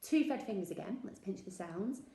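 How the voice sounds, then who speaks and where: A woman teacher with a Northern English accent, slowly sounding out words for young children in a sing-song, encouraging way. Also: mid-range voice, lively intonation, vocal fry, mellow. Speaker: early years teacher. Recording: echoey room.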